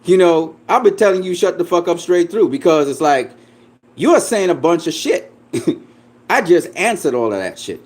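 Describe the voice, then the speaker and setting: A man's voice: a little high, sing-song, moderate pace, darkish tone. A man ranting about boxing in a reaction video, profane, combative and dismissive, repeating himself and laughing mockingly. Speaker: boxing commentator.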